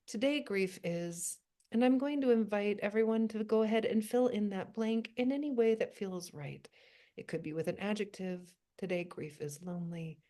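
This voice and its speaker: A woman leading an online poetry workshop over a video call. She speaks softly and reflectively and reads short lines aloud one after another. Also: mid-range voice. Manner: soft, unhurried and reflective. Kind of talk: gentle writing-workshop facilitation.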